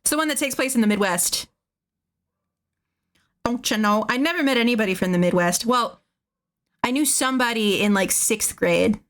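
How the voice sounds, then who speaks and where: A woman's voice: a little high, animated, brisk, fairly bright tone. A woman streaming casually, rambling and laughing often as she draws and chats. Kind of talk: casual chat while drawing.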